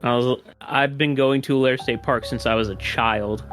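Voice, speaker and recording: A man's voice: mid-range voice, fairly even intonation, normal speed, fairly bright tone, faint music behind. A man guesting on a podcast, telling a story in a casual, rambling way with lots of fillers, restarts and swearing.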